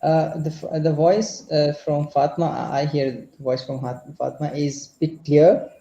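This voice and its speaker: Man, English learner, hesitant, gravelly voice, dark tone, echoey lo-fi audio. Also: fairly high pitch, flat delivery, unhurried. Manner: hesitant, searching for words.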